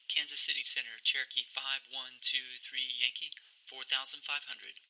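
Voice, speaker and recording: A man's voice: mid-range voice, steady tone, moderate pace, pushed and bright, rough recording. A man voicing an air traffic controller and a pilot in a put-on British accent, using clipped, formal radio phrasing. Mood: crisp, formal.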